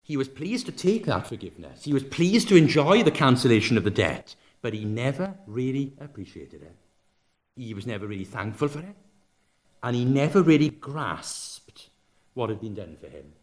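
A man preaching a sermon, expressive, swinging from loud emphatic exclamations to soft, drawn-out near-whispers and acting out the characters' lines. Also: mid-range voice. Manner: acts out the characters' quoted lines in the parable.

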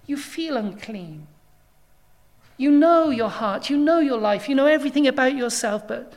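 A woman's voice: on the high side, a little mellow. A woman preaching an evangelistic sermon, earnestly pleading with sudden rises in intensity.

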